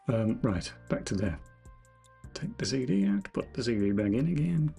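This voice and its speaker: This man's mid-range voice is gravelly and warm with a breathy edge, moving through big pitch swings at a moderate pace while faint music plays. It's casual live-stream commentary as he codes his game, thinking out loud, correcting himself, and trading self-mocking jokes with viewers.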